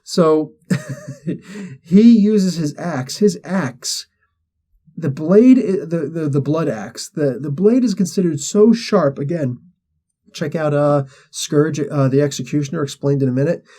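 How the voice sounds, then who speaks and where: Slangy man with a mellow, higher voice. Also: measured pace. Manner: slangy and rambling, acts out characters' lines. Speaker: host. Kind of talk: casual comic-book retelling.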